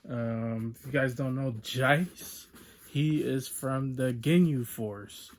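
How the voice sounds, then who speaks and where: A man's voice: mid-range voice, takes it slowly. Laid-back American man unboxing toys. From United States. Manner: relaxed, rambling, repeats "so there's that". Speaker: toy unboxing channel host. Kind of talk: casual unboxing vlog. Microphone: phone or webcam on desk.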